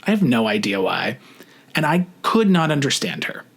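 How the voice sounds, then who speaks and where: A young adult man casually telling a story to camera, chatty and profane, full of "like" fillers, rushing some phrases and drawing out others. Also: medium pitch, big pitch swings, vocal fry, fairly bright tone, slightly rough. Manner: shifts between rushed and drawn-out phrasing. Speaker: vlogger.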